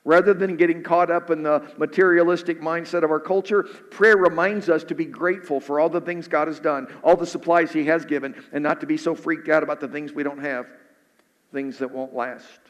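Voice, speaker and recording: A male pastor giving a sermon in an earnest preaching style, then praying softly and low. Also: fairly even intonation, brisk, lo-fi sound. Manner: earnest preaching, drops soft and low in prayer. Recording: hall reverb.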